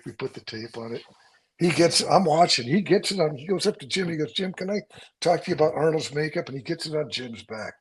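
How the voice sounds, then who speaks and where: A man, a stunt coordinator, telling profane, lively stories from a film set and acting out other people's lines. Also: medium pitch, slightly rough, poor audio.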